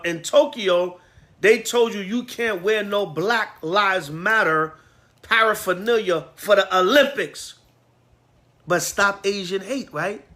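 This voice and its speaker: Fiery, blunt man preaching high and forceful. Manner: blunt, slangy and fiery, with digressions. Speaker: priest. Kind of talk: preaching Bible class.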